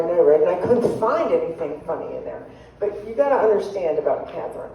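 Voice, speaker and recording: A woman comedian telling chatty, self-deprecating stories to a live audience, laughing at her own jokes. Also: lowish voice. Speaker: guest comedian. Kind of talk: comedic storytelling. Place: church hall with live audience. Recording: echoey hall, distant mic, faint noise.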